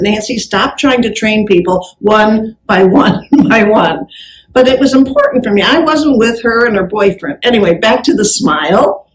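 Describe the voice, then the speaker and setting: Lively woman speaking in a roomy hall. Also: medium pitch. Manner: lively storytelling, acting out quoted people; laughs often between phrases. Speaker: customer service speaker. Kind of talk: keynote talk to a business audience. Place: event hall with an audience.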